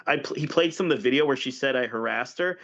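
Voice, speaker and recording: A man's voice: medium pitch, fast, a bit bright. A man telling a story as a podcast guest in casual conversation, rambling, restarting sentences and filling gaps with fillers. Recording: dull lo-fi audio.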